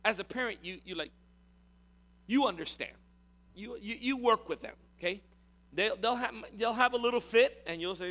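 Man, pastor, sermon, bright tense tone, animated, repeats words. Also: high-pitched, moderate pace.

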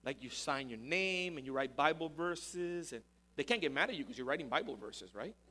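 A man's voice: fairly high pitch, lively intonation, normal speed, pushed and bright. A man preaching a sermon, emphatic and repetitive, posing rhetorical questions to the congregation. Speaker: pastor.

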